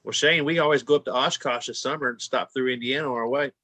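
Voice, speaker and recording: A man's voice: mid-range voice, steady tone, quick pace, pushed and bright, no echo. A man co-hosting a podcast, reading chat comments aloud in casual group talk. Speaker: podcast co-host.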